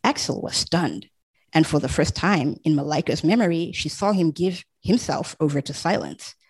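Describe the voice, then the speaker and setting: Husky-voiced woman narrating a novel. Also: sits low, normal speed, a little mellow, dry recording, low-quality recording. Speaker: audiobook narrator. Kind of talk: audiobook narration.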